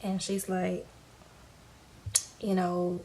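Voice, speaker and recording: A woman giving a casual, animated recap of a TV episode, talking in slangy, lively fashion. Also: on the low side, very slow, low-quality recording. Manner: animated, slangy, acts out quotes. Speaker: TV recap vlogger. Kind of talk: casual recap with acted quotes.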